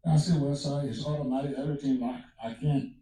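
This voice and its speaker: African guy preaching his testimony, dark mellow voice, big echoey room, a bit far from the mic. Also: mid-range voice, steady tone, quick pace. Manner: storytelling with exclamations of praise. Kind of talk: testimony sermon.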